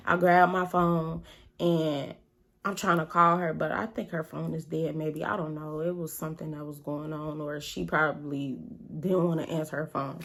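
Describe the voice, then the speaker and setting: Woman telling a profane, animated story. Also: sits low, normal speed, gravelly. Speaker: vlogger. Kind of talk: casual storytime.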